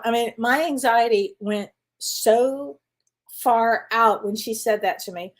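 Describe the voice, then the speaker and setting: A woman's voice: on the high side, unhurried. Chatty, reassuring woman psychic host. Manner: chatty, reassuring, laughs often, many fillers and restarts. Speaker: psychic host answering viewer questions. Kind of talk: live-stream Q&A chat.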